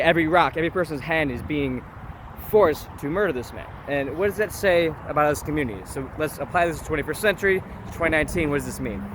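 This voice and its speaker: A young man in his twenties, talking casually about scripture in a chatty, informal way that keeps checking in with the listener. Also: fairly high pitch. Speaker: vlogger. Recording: street traffic noise behind.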